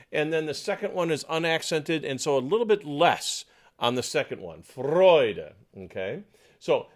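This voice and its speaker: A man working as a choir conductor, coaching a section through a piece, counting in and singing parts, sometimes in falsetto. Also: rough recording. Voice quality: sings in falsetto. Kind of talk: choral coaching lesson.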